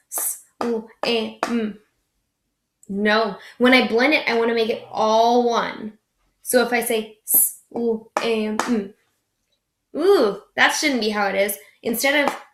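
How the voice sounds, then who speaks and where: Brief: young woman teacher, phonics lesson, slightly high voice, slow and patient, echoey classroom. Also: a bit bright. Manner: slow, encouraging, stretches out sounds.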